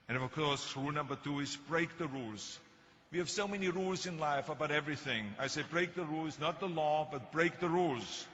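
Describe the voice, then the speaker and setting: A man's voice: a little high, pushed and bright, slight background noise. Emphatic German-accented older man in a hall. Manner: emphatic storytelling, punchy and self-mocking. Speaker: motivational speaker. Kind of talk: motivational speech. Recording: long hall reverb, faint ambience.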